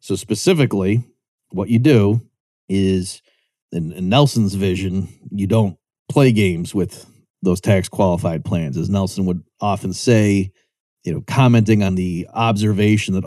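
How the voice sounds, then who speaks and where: A man's voice: unhurried, mellow, no room sound, studio quality. A man giving a conversational explanatory lecture, checking in with listeners and lifting his voice to act out quoted remarks. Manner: chatty, checks in with rhetorical "right?"; acts out quoted voices with lifted pitch. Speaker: economics lecturer.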